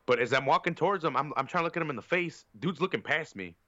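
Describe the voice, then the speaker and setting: A man's voice: fairly high pitch, animated, fast talker, pushed and bright, dry recording, highs cut off. A man on a podcast telling a long, profane, rambling story in casual chat, with lots of fillers. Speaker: podcast co-host.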